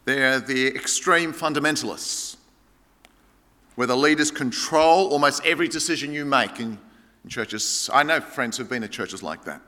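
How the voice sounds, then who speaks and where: A man, a pastor preaching a sermon with animated emphasis that rises high and drops low. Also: normal speed. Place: church hall. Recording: long hall reverb.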